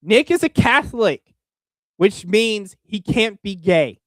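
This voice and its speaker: A man's voice: high-pitched, expressive, slow, dry recording. A young man from Oklahoma giving crude, exasperated reaction commentary on a video as a streamer, with frequent restarts.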